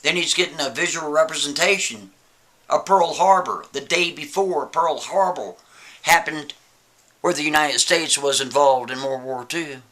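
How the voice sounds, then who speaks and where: Bright-voiced man telling a story. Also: fairly high pitch, moderate pace. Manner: animated, keeps asking "right?" and rhetorical questions. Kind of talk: casual spoken storytelling.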